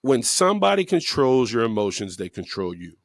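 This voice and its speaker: A man co-hosts a casual talk show, telling a story in a blunt, profane way. His pitch rises and falls a great deal as he leans on repeated words. The sound is dry, with no room echo. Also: very animated, fairly quick. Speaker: podcast co-host.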